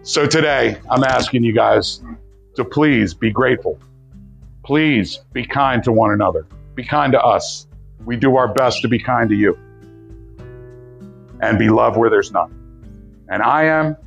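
Gravelly man leading a recovery group. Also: medium pitch, measured pace, long pauses, soft background music. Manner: earnest, preacherly, leads call-and-response. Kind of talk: motivational group talk.

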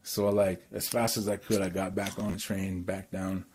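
Excitable rambling Canadian storyteller man. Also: low voice, moderate pace. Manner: excitable, rambling, lots of fillers. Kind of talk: casual storytelling.

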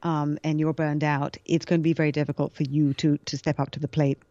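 A woman's voice: sits low, level tone, a little fast, mellow, no echo. Thoughtful woman guest, slightly dull sound. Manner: thoughtful, repeats words while explaining. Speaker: guest expert on leadership. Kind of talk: casual podcast conversation.

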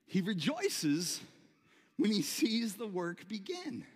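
High-voiced animated preacher man in a reverberant hall. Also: slow. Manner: animated, repeats words, shouts when excited. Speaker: pastor. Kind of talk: sermon. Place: church sanctuary.

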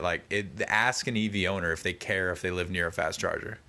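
Low-voiced man rambling late at night. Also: fairly even intonation, a little fast, bright, forceful tone. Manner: rambling, tangent-prone, mock-quotes people. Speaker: vlogger. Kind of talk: casual late-night monologue. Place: at home at night.

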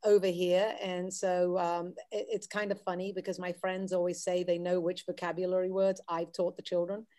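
A middle-aged woman from the Wirral, England, chats casually as a podcast guest; she teaches English. Her fairly low, dark voice barely moves in pitch, keeping a normal speed with few pauses, and her light Scouse accent is touched by American. She's chatty and self-deprecating, restarting often.

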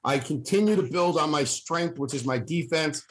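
A man's voice: a little high, moderate pace, rough recording. A man on a sports talk panel, laying out his opinions bluntly and with emphasis in a casual debate.

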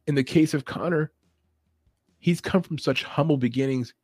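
A man's voice: fairly high pitch, moderate pace, darkish tone, husky, no room sound, clean studio sound. A man hosting a podcast in a casual opinion chat, rambling, opinionated and chuckling as he talks. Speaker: podcast host.

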